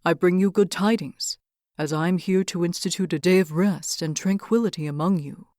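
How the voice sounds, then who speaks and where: A woman's voice: lowish voice, moderate pace, a little mellow, no room sound, clean studio sound, lightly acted. A woman voicing a grand male plains beast who addresses the forest animals in formal, stately words, read as a storybook. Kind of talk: storybook reading.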